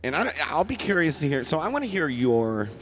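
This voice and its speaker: A man's voice: on the high side, very animated, a little fast, fairly bright tone. A man hosting a casual live music show, telling stories in a loose, profane, laughing way. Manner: rambling, profane, laughing storyteller. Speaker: host.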